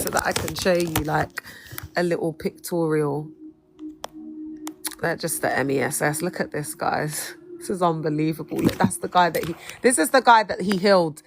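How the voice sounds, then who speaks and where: A woman's voice: fairly low pitch, fairly bright tone, slight background noise. A woman in her thirties with a London accent, giving casual live-stream commentary in a chatty, slangy way and laughing often. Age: 30s. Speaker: livestreamer.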